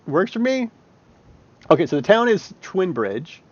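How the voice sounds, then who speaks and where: A map-building streamer with a high, breathy-edged voice chats a little slowly, his pitch swinging widely. He works while musing casually, dropping fillers and swear words, in muffled audio with faint music.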